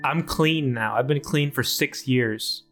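A man's voice: mid-range voice, takes it slowly, a bit bright, faint music behind. A man in an improv comedy scene playing a hot-headed male chipmunk, a blustering former tough guy. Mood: weary.

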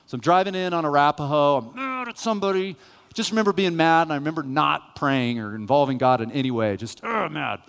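Male pastor, animated storytelling, sermon, reverberant hall. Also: on the high side, fast talker, gravelly, smooth. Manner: storytelling, animated, self-mocking.

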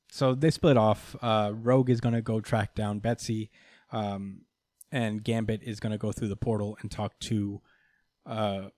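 A man's voice: fairly low pitch, a little mellow, dry recording, clean studio sound. A man casually recapping a comic book story, full of fillers, laughter and swearing. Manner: laughs often, many fillers, swears freely. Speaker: podcast host.

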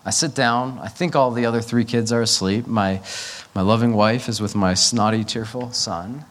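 A man's voice: on the low side, fairly even intonation, moderate pace. Man preaching through a candid family story. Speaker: pastor. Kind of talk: sermon with personal story.

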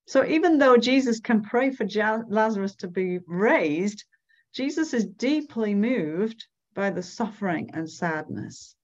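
A woman giving devotional Bible teaching, reading scripture aloud and explaining it slowly. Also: medium pitch, lively intonation, highs cut off. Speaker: speaker at a church gathering.

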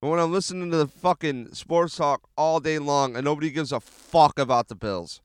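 Man, podcast host, sports rant, swears a lot, excitable, smooth voice, dry close sound. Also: fairly high pitch, normal speed, no echo. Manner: profane, excitable, rambling. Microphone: handheld mic.

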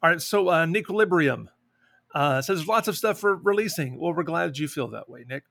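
A man co-hosting a board game podcast, his voice sitting a bit high with a gravelly fry. He chats casually and jokes as he reads listener replies. The sound is dry and close. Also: normal speed, no room sound. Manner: relaxed, joking, reads listener responses aloud. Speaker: podcast co-host. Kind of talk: casual chat.

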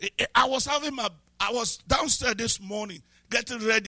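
A man preaches a sermon with a high, bright and somewhat husky voice, recorded dry and close. He swings from low, reflective asides to shouted, sung-out declarations. He keeps repeating phrases and asking his listeners questions. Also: brisk, no echo. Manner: breaks into speaking in tongues. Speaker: pastor.

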